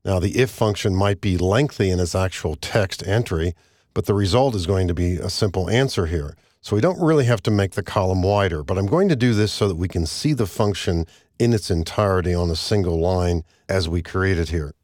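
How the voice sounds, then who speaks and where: A man narrating a screen-recorded software tutorial, explaining each step in a measured, methodical way. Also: low voice, no room sound, studio quality. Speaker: software instructor.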